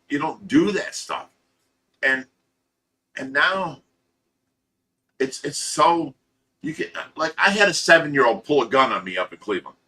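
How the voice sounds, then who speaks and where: Livestream host, male, foul-mouthed ranting storyteller with a sharp, bright voice. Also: medium pitch. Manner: blunt, profane storytelling with laughs; ranting, talks to chat commenters by name. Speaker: livestream host of a fish rescue channel. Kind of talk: casual livestream chat.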